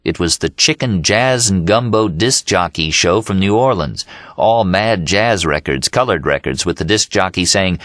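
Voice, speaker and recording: Deep guy reading an audiobook, steady, dry studio sound. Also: normal speed, dry recording. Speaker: audiobook narrator. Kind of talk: scripted narration. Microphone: studio mic.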